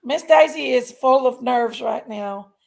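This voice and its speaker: Woman, livestream host, gravelly fry, folksy rambling delivery. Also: high-pitched, a little slow. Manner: rambling, folksy, talks to chat. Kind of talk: casual livestream chat.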